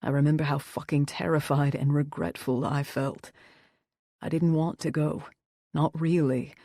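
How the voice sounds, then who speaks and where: A woman voicing a troubled male rockstar who speaks softly in a subdued, confessional tone, in an audiobook. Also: fairly even intonation, unhurried, no room sound, studio quality. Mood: hushed. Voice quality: soft, low and subdued. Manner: quiet, confessional. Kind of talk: audiobook character voice.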